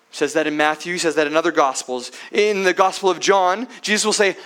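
A man's voice: sits high, animated, moderate pace, fairly bright tone. A man preaching a sermon as pastor who keeps asking his listeners rhetorical questions, often ending with tag questions.

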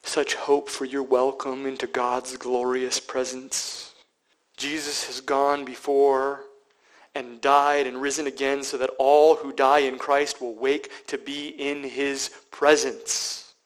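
A male pastor preaching a sermon, dropping to hushed whispers and then building to loud, emphatic passages. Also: medium pitch, little pitch movement, slow pace, poor audio.

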